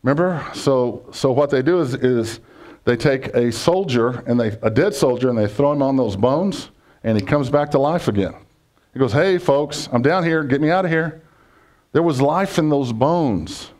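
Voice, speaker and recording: A pastor preaching a conversational sermon, joking and asking the congregation questions. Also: male voice, medium pitch, expressive, moderate pace, a little mellow.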